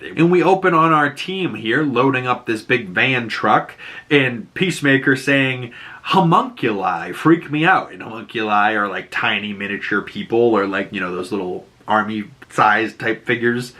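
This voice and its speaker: A man's voice: medium pitch, bright, forceful tone. A man casually recapping a TV show, laughing often and swearing freely.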